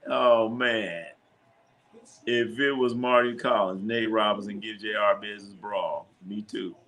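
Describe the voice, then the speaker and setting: A man hosting a casual live sports stream, telling animated stories in a slangy way and swearing freely. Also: on the low side, a little slow. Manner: animated storytelling, acts out his own lines.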